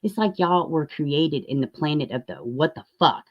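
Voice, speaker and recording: A woman hosting a profane, sarcastic commentary rant, jumping from loud outbursts to mocking near-whispers. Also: low-pitched, normal speed, lo-fi sound. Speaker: YouTube commentary host. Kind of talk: ranting commentary.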